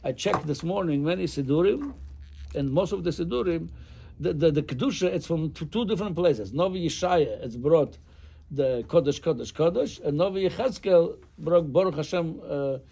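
A man teaching a Jewish law class as a rabbi, halting and repeating words as he explains texts. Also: a little high, lively intonation, creaky, dark tone, breathy edge. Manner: halting, repeats words, reads Hebrew text in chant. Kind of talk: halacha class.

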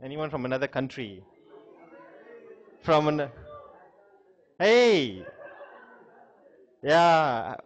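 A man's voice: on the high side, big pitch swings, extremely slow, long pauses. A man giving a classroom lecture, chatting with students, asking questions and laughing often.

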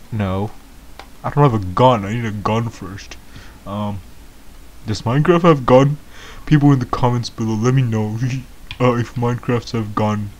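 A man giving excitable, baffled gameplay commentary as a first-time gamer, laughing often. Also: mid-range voice.

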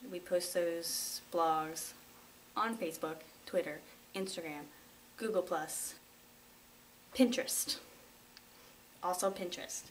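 A woman's voice: on the low side, slow, long pauses. Young woman host, wry and self-mocking, a little off-mic with faint room hiss. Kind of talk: casual vlog chat. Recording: slightly distant mic, faint room noise.

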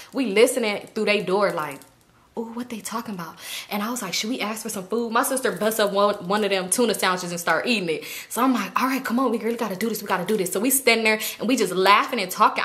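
A young woman telling a storytime to her channel in a casual, slangy monologue, swearing freely and acting out what she said. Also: medium pitch. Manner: animated, slangy, swears freely, acts out her own lines.

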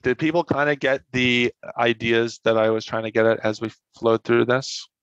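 A man's voice: mid-range voice, fairly even intonation, moderate pace, a bit bright, clean tone, no room sound, lo-fi sound. A man presenting a technical lecture at a meetup, explaining in a casual way, with frequent fillers and restarts as he corrects himself. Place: online meetup talk.

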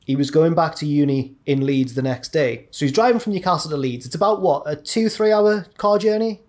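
A man's voice: a little high, brisk, a little mellow. Young man telling a rambling story. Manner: rambling, chatty, drops into mate's voices. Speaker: podcast co-host. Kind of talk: casual storytelling.

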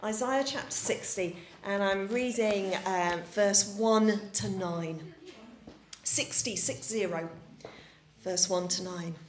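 In an echoey church, a pastor from Yorkshire, England, a woman in her forties, delivers an anecdotal, conversational sermon while quizzing the congregation. She speaks slowly in a mid-range voice.

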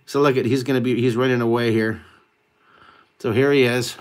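A man's voice: medium pitch, brisk. Chatty man hosting a drawing lesson. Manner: chatty, rambling, excitable storyteller. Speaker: drawing teacher hosting a live webcast. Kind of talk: live online drawing lesson.

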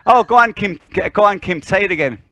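A man's voice: high voice, brisk, dry recording. A man leading an online dance class over a video call, counting beats and cueing steps energetically while out of breath. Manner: energetic counting and cueing, often repeats himself. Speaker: dance instructor.

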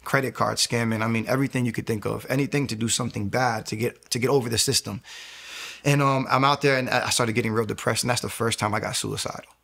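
A man's voice: medium pitch, fairly even intonation, fast talker, creaky, fairly bright tone. A man telling his own faith testimony as an interview guest, earnest and candidly confessional. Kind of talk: personal testimony storytelling.

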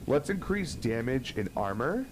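A young man streams a horror game with live commentary, chatting casually, swearing, and greeting viewers as he plays. His mid-range voice is sing-song and unhurried, with background noise present.

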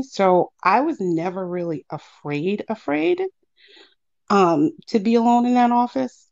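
A woman in her thirties calling in, telling a personal story casually with lots of fillers and acted-out quotes. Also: medium pitch. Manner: animated, acts out quotes, many fillers. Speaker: caller. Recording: muffled lo-fi call audio.

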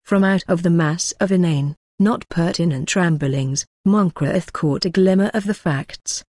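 A woman narrating a novel as an audiobook in a steady, measured reading. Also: lowish voice, dry recording, studio quality.

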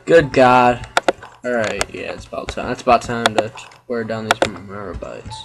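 Slow, chatty man narrating his game. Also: mid-range voice, over music. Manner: chatty, talks to viewers, sudden loud exclamations, sarcastic. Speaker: let's play gamer. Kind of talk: casual gameplay commentary.

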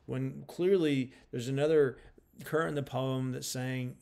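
A man's voice: a little high, normal speed, creaky, a little mellow. A man giving an informal spoken lecture on literature, thinking aloud with frequent restarts and trailing phrases.

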